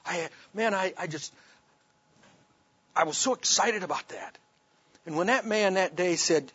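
A man's voice: high voice, measured pace, pauses often, a bit bright, breathy edge, no echo. A man preaching, telling a personal story in an emphatic sermon testimony, on a dull lo-fi recording.

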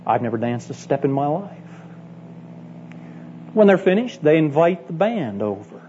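A man's voice: a little high, very animated, normal speed, dark tone. A middle-aged man, a Bible college teacher, giving an earnest, emphatic conference sermon full of personal stories and direct appeals to his listeners. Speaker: Bible college teacher speaking to church leaders. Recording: dull lo-fi tape with faint hum.

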